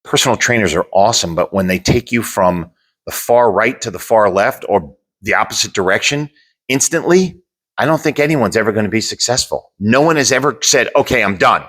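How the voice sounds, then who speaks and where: A man's voice: fairly low pitch, animated, a little fast, a bit bright. A man who owns a gym, co-hosting a podcast in a blunt, casual way and swearing freely. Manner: blunt, swears freely, talks through examples. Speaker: podcast co-host and gym owner. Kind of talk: casual chat.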